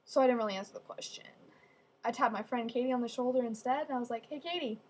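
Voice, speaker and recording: A young woman telling funny stories casually, with deadpan asides. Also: a little high, fast. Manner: chatty, deadpan asides, acts out quoted voices. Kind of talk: casual storytelling.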